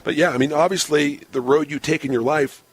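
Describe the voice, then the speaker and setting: A man in his forties, a baseball broadcaster, telling lively stories in a casual podcast interview and laughing often. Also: on the high side, fairly quick, slight background noise. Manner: animated storyteller, laughs often, acts out quotes.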